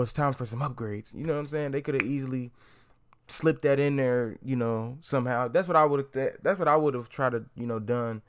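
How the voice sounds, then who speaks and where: A young man giving a casual, profane movie review, rambling with lots of slang, fillers and restarts. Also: medium pitch.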